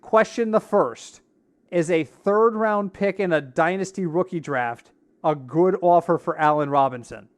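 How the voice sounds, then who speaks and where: Unhurried and fairly high-voiced, a man co-hosting a podcast tells stories in easygoing conversation, playing out the lines of the people he describes.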